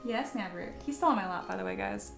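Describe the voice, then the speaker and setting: A woman's voice: medium pitch, expressive, fast talker, creaky, reverberant, over music. A woman sculpting on a live stream, chatting casually with her viewers and reading their comments aloud, often poking fun at herself. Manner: chatty, self-deprecating, reads chat aloud.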